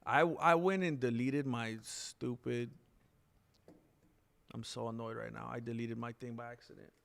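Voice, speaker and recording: A man hosting a live stream in casual chat, rambling candidly and jumping into high, excited bursts when he thanks viewers. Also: measured pace, creaky.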